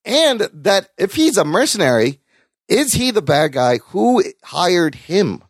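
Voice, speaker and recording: Male podcast co-host, lively and profane, slightly higher voice, dry close mic. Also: measured pace, no echo. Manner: animated, profane banter, reads listener comments. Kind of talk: casual chat.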